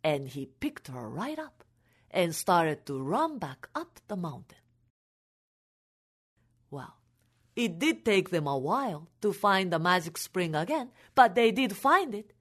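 A woman telling a folk tale for families in an expressive, animated way. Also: fairly low pitch, takes it slowly. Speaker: storyteller.

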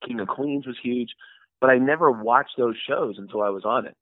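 A man who works as a voice actor and impressionist, telling stories in a casual interview and acting out quotes with big jumps in pitch. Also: brisk, no echo. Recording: tinny phone-like line, dry.

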